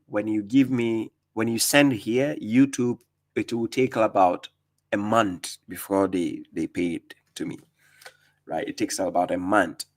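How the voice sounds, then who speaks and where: A man from Ghana with a fairly low pitch leads a live religious Q&A, reading what viewers write aloud. He shoots back quick answers and leans on plenty of filler words.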